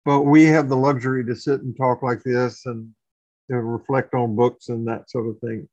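An older man from the United States speaking in an earnest, measured way in a reflective conversation. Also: medium pitch, little pitch movement, a little mellow. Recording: dull lo-fi sound.

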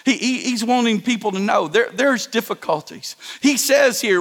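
Man, very high voice, pastor preaching, call-and-response, repeated restarts, reverberant church hall. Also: normal speed, hardly any pauses, fairly bright tone. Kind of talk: sermon.

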